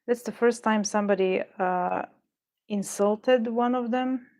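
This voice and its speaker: Here the beadwork streamer talks in a slightly mellow, somewhat high voice, going a bit slowly. She mutters and rambles with frustration as she crafts, letting out the odd swear word.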